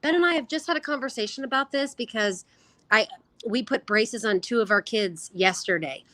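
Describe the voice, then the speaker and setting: Middle-aged mom from california on a podcast, earnest, dead dry mic. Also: female voice, a little high, sharp tone, no room sound. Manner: earnest, argumentative, measured. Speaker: podcast co-host. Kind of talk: casual chat.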